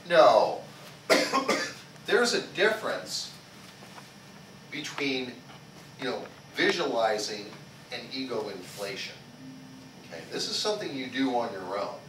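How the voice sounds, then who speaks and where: A male martial arts instructor teaching a small class. His pitch swings widely as he asks questions and tags "okay?" onto his points. He is picked up by a distant mic in an echoey training hall, with clear background noise. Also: big pitch swings, unhurried, long pauses. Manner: repeats "okay?" after nearly every sentence; asks the class questions and leads group chants. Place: karate school training hall.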